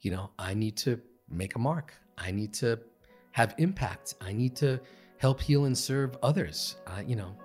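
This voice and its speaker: A man guest on a podcast, telling a personal story in an earnest, halting way with many fillers and restarts. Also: medium pitch, expressive, faint music behind. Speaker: guest, meditation teacher. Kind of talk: reflective storytelling. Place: podcast studio.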